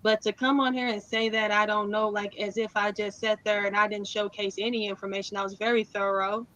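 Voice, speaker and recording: A woman defending her argument as a debate guest, speaking in a measured way with frequent hesitant fillers. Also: mid-range voice, level tone, fairly bright tone, rough recording.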